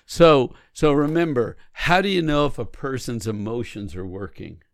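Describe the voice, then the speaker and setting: A man with a gravelly, creaky voice teaches how to connect through emotions. He talks earnestly, explaining step by step and acting out sample lines. The sound is dry and close. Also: medium pitch, very animated, normal speed, no echo. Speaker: relationship coach. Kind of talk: teaching conversation.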